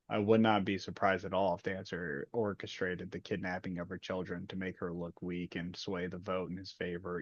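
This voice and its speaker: Brief: podcast co-host, casual and profane, joking, dull lo-fi sound with no room. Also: male voice, low-pitched, dry recording. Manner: animated, profane and jokey. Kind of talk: casual book discussion chat.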